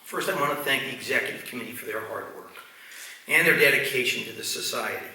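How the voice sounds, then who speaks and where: A man's voice: mid-range voice, fast, sharp tone. A man, the new president of a medical society, giving a formal speech to delegates, joking and thanking colleagues. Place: large meeting hall. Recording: echoey hall, distant mic, crowd murmur.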